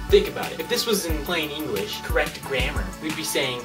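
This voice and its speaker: A young man rattles off everyday pet peeves on his comedy vlog, sarcastic and animated, and acts out small scenes along the way. He is a little off-mic, and clear background music runs under him the whole time. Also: on the high side, a little fast, far from the mic. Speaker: vlogger.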